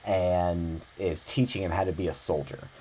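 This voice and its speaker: Deep-voiced man, chatty podcast host. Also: steady tone, a little mellow, a little hiss or hum. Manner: chatty, with halting restarts and frequent "you know". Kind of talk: casual chat.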